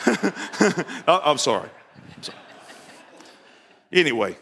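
A man preaching an animated sermon in church, full of jokes and acted-out quotes. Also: sits high, measured pace, long pauses, long reverb tail. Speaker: pastor.

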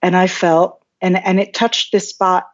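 A woman's voice: on the low side, flat delivery, a little slow, highs cut off. A woman guest telling a candid personal story, open and reflective, often restarting her sentences. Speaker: podcast guest.

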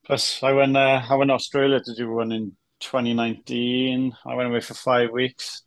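A man's voice: medium pitch, moderate pace, no echo. A man from Wales, a guest in a casual interview, telling stories in a chatty, joking way. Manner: chatty, jokey, animated storytelling.

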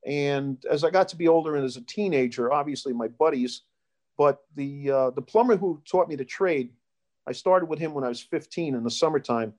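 Middle-aged man, slightly high voice, rambling storyteller being interviewed. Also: a little fast, a little mellow. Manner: rambling, with restarts and storytelling asides. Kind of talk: casual life-story interview.

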